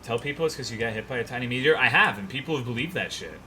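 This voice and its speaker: A man's voice: medium pitch, expressive, very fast, bright, forceful tone, slight background noise. A young man streaming a game, chatting loosely and profanely, rambling and reading chat messages aloud. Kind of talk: casual gaming stream chat.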